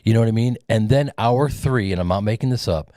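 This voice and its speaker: A man's voice: fairly low pitch, fairly quick, dark tone, dry recording. A middle-aged man, a guest actor and comedian, telling casual anecdotes with acted-out quotes on a studio mic. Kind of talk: casual storytelling.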